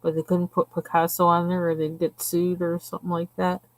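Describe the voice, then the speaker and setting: Rambling, chatty woman with a lowish voice. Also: monotone, brisk. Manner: rambling and chatty, with frequent fillers and tangents. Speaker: livestream host. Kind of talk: casual chat while coloring.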